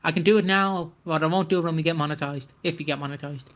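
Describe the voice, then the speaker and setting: A man's voice: a little high, quick pace, a bit bright. A man co-hosting a casual podcast, joking and laughing a lot. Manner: jokey, mimics people, laughs often. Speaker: podcast co-host.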